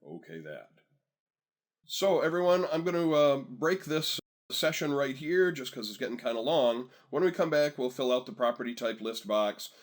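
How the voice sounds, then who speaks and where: Relaxed man teaching a software lesson. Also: mid-range voice. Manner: relaxed, chatty, tells viewers to pause and catch up. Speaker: software instructor. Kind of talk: screen-recorded tutorial narration.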